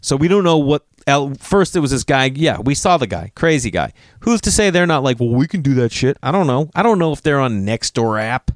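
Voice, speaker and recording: A man's voice: medium pitch, fairly quick, hardly any pauses, dry recording, studio quality. A man telling a story in casual talk, swearing freely and acting out what people said. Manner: animated, profane, acts out quotes.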